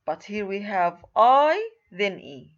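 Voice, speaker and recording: Slow, careful woman lecturer. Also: medium pitch, big pitch swings, muffled recording. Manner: slow, repeats key words and points at examples. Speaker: university writing lecturer. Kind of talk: recorded lecture.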